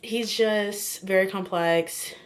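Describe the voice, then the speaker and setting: A woman's voice: medium pitch, fairly even intonation, slow. A woman vlogging casually about a book she is reading. She rambles, fills her talk with "like" and "kinda", and gushes openly. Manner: chatty and gushing. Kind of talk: casual chat.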